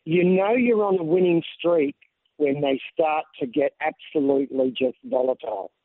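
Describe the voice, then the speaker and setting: A man's voice: a little high, lively intonation, moderate pace, vocal fry, no room sound. A man from Australia with an Australian accent, calling in to a radio show and chatting casually. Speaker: caller. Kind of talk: casual call-in chat. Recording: phone line.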